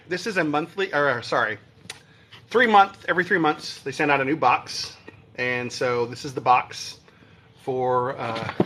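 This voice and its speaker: A man's voice: mid-range voice, fairly bright tone, slight background noise. A man streaming live as he unboxes a collectible box, talking in a chatty, upbeat way and thinking aloud as he goes. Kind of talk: casual live-stream chat.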